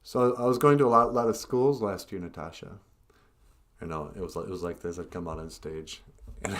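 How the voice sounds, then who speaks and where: A man's voice: low voice, moderate pace, fairly bright tone. A man who cartoons and plays music, chatting casually on a live stream, rambling and laughing often.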